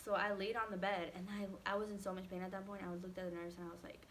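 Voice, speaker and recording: A woman telling a personal story in a casual storytime vlog, animated and acting out what others said, with many "like" fillers. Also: mid-range voice, quick pace, slight background noise. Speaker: vlogger.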